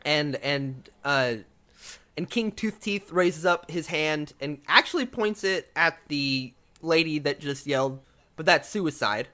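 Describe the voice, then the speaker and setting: A man narrates a tabletop game as its game master, in a casual, loose way. He talks slowly, with lively swings in pitch.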